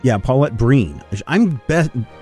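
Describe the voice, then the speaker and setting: A man co-hosting a podcast, chatting casually about comics in an animated way. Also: medium pitch, slow pace, faint music behind. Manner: animated, acts out quoted lines in funny voices. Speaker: podcast co-host.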